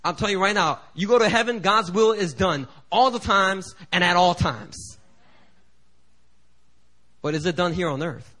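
A middle-aged man preaching a sermon as pastor. He swings from quiet asides to loud, climbing appeals and acts out the prayers he quotes. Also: sits high, measured pace, pauses often. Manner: preaching with big swings in volume, building to shouted climaxes; acts out quoted voices and prayers in shifting tones.

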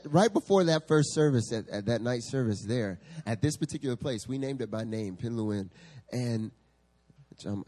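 A male pastor preaching a sermon at a church service, telling stories in an animated way and laughing often. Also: medium pitch.

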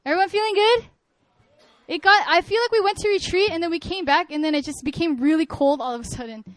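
A woman's voice: very high voice, fast, no echo. A woman introducing a guest speaker to a church group in a casual, joking, rambling way. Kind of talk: casual announcement.

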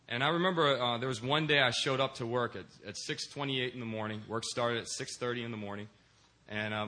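Young man, deacon, sermon in a church, bright clear tone, storytelling, acts out voices. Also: medium pitch. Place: church in Korea.

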